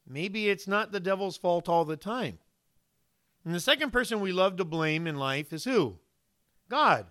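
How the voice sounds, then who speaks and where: Bright, clear-voiced man preaching a sermon. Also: sits high, fast. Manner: animated storytelling, acting out quoted voices. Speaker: pastor.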